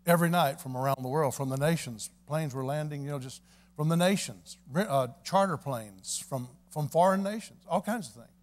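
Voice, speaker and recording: Here is a man with a high-pitched voice preaching a revival sermon in church. He tells his story in a folksy, homespun way, then rises into fervent, shouting praise. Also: moderate pace. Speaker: evangelist preacher. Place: church service.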